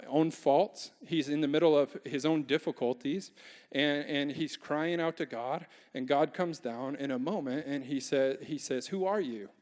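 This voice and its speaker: A young male pastor with a slightly high voice gives a conversational, joking sermon. His voice rings out with a long reverb in a large church hall. He often throws questions out to the congregation. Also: darkish tone.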